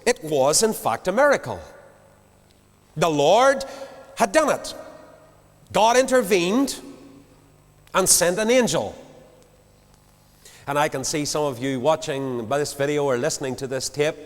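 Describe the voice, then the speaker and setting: A man preaching a sermon to a large congregation, swinging from loud declarations to quiet low asides. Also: animated, a little slow, long pauses. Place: large church. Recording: long hall reverb.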